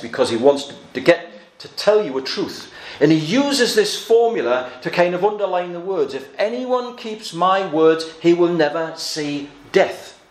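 A man preaching a sermon, earnest and emphatic, slowing down to stress quoted verses. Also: fairly high pitch, reverberant.

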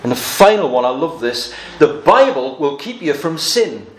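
A man preaching a sermon, earnest and emphatic, slowing down to stress quoted verses. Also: fairly high pitch, sing-song, echoey room.

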